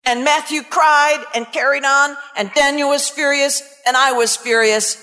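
A woman preacher telling a story in a sermon, animated and dramatic. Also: high-pitched, a little slow, in a large hall.

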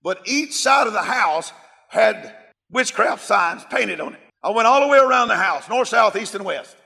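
A middle-aged man preaching a sermon, telling a story with fervent emphasis and bursts of shouting. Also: high-pitched, lively intonation, normal speed, gravelly. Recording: long hall reverb.

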